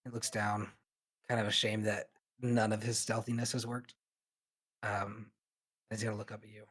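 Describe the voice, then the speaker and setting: A man's voice: on the low side, little pitch movement, moderate pace, a bit bright. A man narrating as game master of a tabletop game. He talks in a casual, loose way with plenty of fillers.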